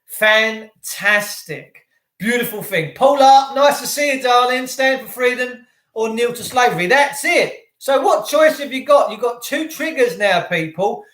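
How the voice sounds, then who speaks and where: A man hosting a live stream from home, talking to viewers in an excitable, effusive, rambling way. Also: extremely high pitch, measured pace, roomy sound. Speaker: channel host. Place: indoors at home.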